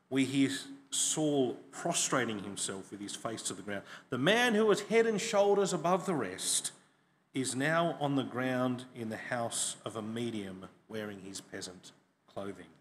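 A man preaching a sermon, reading scripture aloud with emphatic stresses and expressive delivery. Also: mid-range voice, in a large hall, a little hiss or hum.

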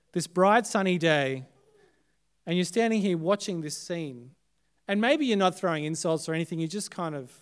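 An Australian man preaches a Good Friday sermon in a high, smooth, resonant voice. He builds phrases up with emphasis, then lets them fall away almost to a hush. The delivery is dramatic and deliberate. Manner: dramatic, swinging between loud emphasis and hushed, quiet phrases. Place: church service.

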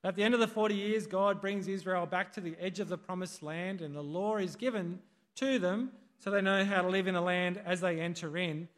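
A man's voice: high-pitched, fairly quick, big-room sound. A man preaching a sermon in a conversational way, putting questions to the congregation. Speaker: pastor. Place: church hall.

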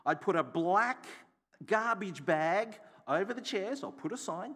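In a church, a bishop with a high, somewhat bright voice preaches a sermon at a measured pace, expressively telling a personal story. He repeatedly poses rhetorical questions to the congregation, his words echoing through the hall.

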